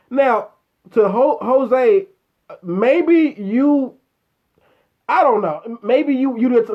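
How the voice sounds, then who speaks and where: Profane ranting man, high voice. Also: highs cut off. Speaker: show host. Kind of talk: casual chat reacting to viewers.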